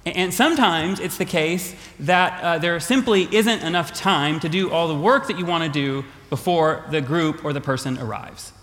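A male pastor preaching a sermon, retelling a story with animated, repetitive phrasing. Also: on the high side, normal speed, hardly any pauses. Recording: long hall reverb.

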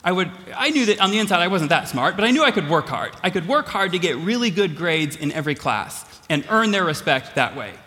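A man's voice: high-pitched, sing-song, fairly quick, hardly any pauses, sharp tone. A man giving a storytelling sermon to a large audience, self-deprecating and laughing often as he talks. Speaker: college president giving a talk. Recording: long hall reverb.

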